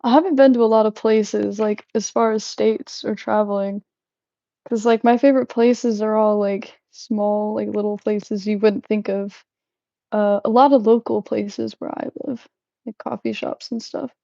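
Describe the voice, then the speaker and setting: A woman's voice: mid-range voice, steady tone, moderate pace, creaky, mellow, dry recording. Giggly young woman chatting on a live stream. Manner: chatty, giggly, rambling with restarts. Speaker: livestream host. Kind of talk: casual live-stream chat. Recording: dull lo-fi live-stream audio.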